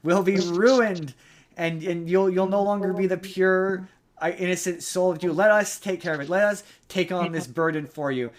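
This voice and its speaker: A man's voice: sits high, normal speed, voice pushed up, lightly acted. A man voicing a female Irish mob boss in a put-on Irish accent, pleading earnestly.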